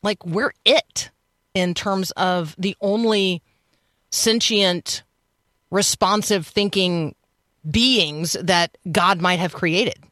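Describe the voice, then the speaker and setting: A woman's voice: lowish voice, extremely slow, a bit bright, no room sound, clean studio sound. A woman hosting a morning radio talk show, chatting casually and thinking aloud with fillers.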